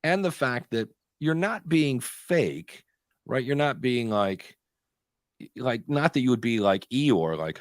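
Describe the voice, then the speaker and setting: A man co-hosting a podcast live stream, telling stories in a chatty way and often pausing to hunt for the next word. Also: mid-range voice, sing-song, no echo, clean studio sound. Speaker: podcast co-host. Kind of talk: casual chat on a live stream.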